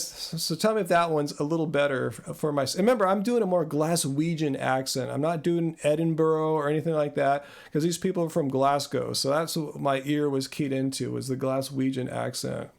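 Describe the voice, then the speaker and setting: A chatty man in his thirties with a slightly high voice and a gravelly fry. He rambles through viewer questions in a loose, self-deprecating way, like a casual live stream. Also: a little fast, few pauses. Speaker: host.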